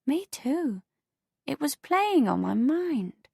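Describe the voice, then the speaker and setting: Casting note: female narrator doing a high, fussy old lady neighbour for an audiobook, prim and proud, voice swooping up and down. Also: very animated, slow pace, vocal fry, warm tone, no echo, studio quality, exaggerated voice. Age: older. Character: prim elderly woman neighbour, gossipy and proud.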